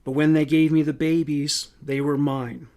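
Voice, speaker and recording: Brief: man reading distraught mother in interrogation, short pleading lines, slightly high voice. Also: flat delivery, normal speed, a little mellow, natural voice. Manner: pleading, broken questioning answers read aloud. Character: distraught mother under police questioning.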